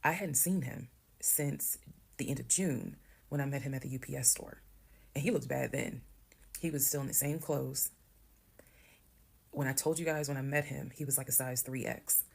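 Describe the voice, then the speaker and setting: A woman's voice: a bass voice, moderate pace, gravelly, long pauses, breathy edge. A woman telling a personal story in a casual, blunt, conversational way, cursing now and then. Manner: conversational, blunt, swears while retelling.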